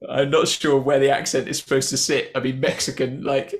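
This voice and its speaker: A man's voice: medium pitch, level tone, brisk. A man co-hosting a reaction show in casual chat, chuckling often and trailing off into restarts as he talks.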